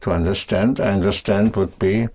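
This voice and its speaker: A man teaching a language lesson, speaking patiently and deliberately in short phrases. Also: on the low side, steady tone, a little mellow.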